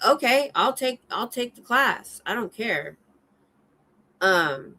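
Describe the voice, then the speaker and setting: A middle-aged woman, a security guard hosting a casual livestream chat, telling animated stories from her work. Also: mid-range voice, rough recording. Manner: animated storyteller, acts out her own shouts.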